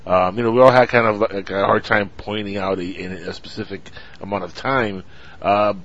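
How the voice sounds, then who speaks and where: A man's voice: fairly low pitch, fairly even intonation, normal speed. A man hosting a podcast, directly steering the talk with his questions in casual chat. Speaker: host. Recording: dull lo-fi sound.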